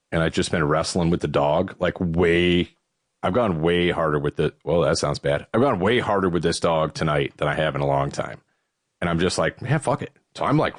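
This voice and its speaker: A middle-aged man from Western New York hosting a podcast, telling stories in a casual, profane way while out of breath. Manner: profane, animated storytelling with swooping pitch. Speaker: podcast host. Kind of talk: casual chat.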